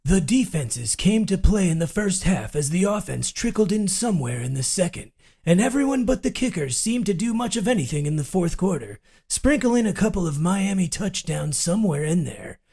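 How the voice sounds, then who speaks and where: A man's voice: high voice, sing-song, normal speed, gravelly, darkish tone, breathy edge. A man co-hosting a casual fantasy football podcast, joking and teasing his co-host. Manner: joking, teasing, laughs often. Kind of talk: casual sports podcast banter.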